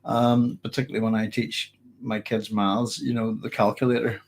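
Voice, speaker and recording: Northern irish guy with a cold, husky throat, rambling chat, lots of restarts. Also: on the low side, little pitch movement, moderate pace. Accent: Northern Irish, mixed. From Northern Ireland. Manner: rambling, many restarts, chuckles often. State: has a cold, hoarse throat. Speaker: host answering live chat. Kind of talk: casual livestream Q&A.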